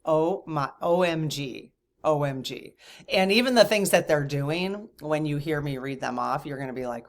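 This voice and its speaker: A woman's voice: low voice, moderate pace. A woman hosting her own channel, chatting casually to viewers in a rambling way, with frequent restarts and laughter. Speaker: channel host. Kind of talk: casual chat to camera.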